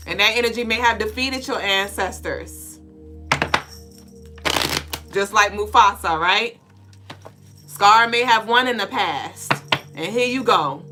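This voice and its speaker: A woman's voice: medium pitch, unhurried, pauses often, loud music behind the voice. A woman, co-hosting a spiritual live stream in casual, profane, joking talk. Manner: profane, joking, animated storytelling. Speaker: podcast co-host.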